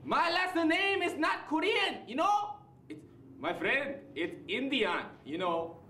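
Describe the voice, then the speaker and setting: A male comic playing a loud, crude liquor store owner in a stand-up bit, with exaggerated shopkeeper patter. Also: very high voice, sing-song, extremely slow, heavily acted. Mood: brash. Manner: exaggerated put-on foreign-sounding shopkeeper patter, crude punchlines. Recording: echoey club from far off with noise.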